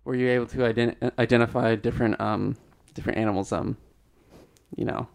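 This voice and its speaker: A man's voice: mid-range voice, steady tone, a little fast, vocal fry. An American man co-hosting a podcast, chatting casually in a playful, rambling way with lots of fillers. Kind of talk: casual chat.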